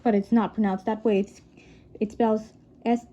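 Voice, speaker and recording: A woman's voice: medium pitch, level tone, moderate pace, warm tone. A woman reading a novel aloud, stumbling and correcting herself, with chatty asides to listeners. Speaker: reader. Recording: dull lo-fi recording.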